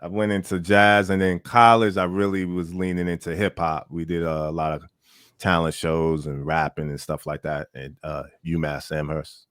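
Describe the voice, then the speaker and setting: A man, a musician guest on a podcast, talking in a relaxed, rambling way with lots of fillers. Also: low voice, moderate pace, clear, resonant tone, no echo, clean studio sound. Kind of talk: casual interview chat.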